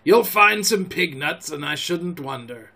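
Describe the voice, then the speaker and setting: A man's voice: sits high, very animated, measured pace, sharp tone, full character voice. A man voicing a cool, insolent older male pirate in a storybook reading. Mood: coolly insolent.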